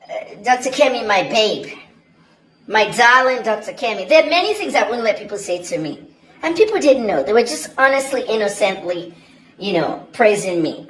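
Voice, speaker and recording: A woman giving opinionated, indignant commentary straight to camera in a chatty way. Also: medium pitch. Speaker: journalist and commentator. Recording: echoey room with faint ambience.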